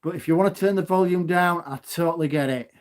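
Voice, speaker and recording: A man chatting loudly and cheerfully on a live stream from home into his phone, laughing often. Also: on the high side, fast. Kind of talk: casual live stream chat.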